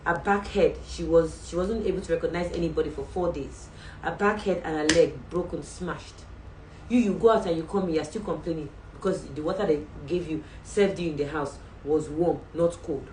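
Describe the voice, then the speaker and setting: A woman's voice: sits low, moderate pace, dark tone, far from the mic. A Nigerian woman hosting a faith show, giving earnest, chatty exhortations as she signs off a livestream. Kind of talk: livestream sign-off talk. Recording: roomy, off-mic, faint background hum.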